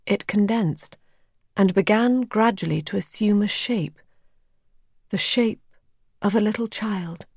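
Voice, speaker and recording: A woman narrating a story in a measured, even way. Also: medium pitch, slightly rough, no echo.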